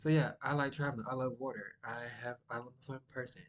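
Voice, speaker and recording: A young man, chatting casually and rambling to the camera, by his own account monotone. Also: mid-range voice, fast talker, dull audio. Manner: rambling, sidetracked, self-described monotone. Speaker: vlogger.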